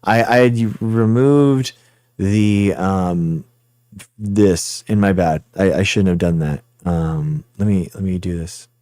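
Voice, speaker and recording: A man's voice: low-pitched, slow pace, dark tone, no room sound, studio quality. A man hosting a livestream, casually rambling through thanks and apologies as he signs off. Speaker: host.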